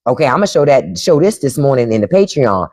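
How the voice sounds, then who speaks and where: A woman's voice: rumbling low, very animated, brisk, darkish tone. A woman hosting a live stream, giving blunt, profane commentary and talking straight to her chat by name. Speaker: podcast host on a live stream.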